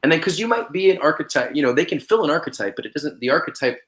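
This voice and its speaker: A man's voice: fairly high pitch, expressive, fast talker, fairly bright tone. A young man in casual podcast chat, laid-back and slangy, rambling with lots of fillers. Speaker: podcast guest, former reality show contestant.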